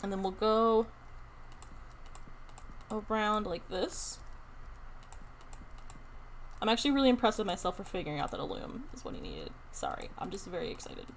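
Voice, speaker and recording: A young woman streaming a building game, chatting casually and thinking aloud in an excited, talkative way. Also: medium pitch, normal speed, long pauses, slight background noise. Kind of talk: casual live-stream chat while playing a building game.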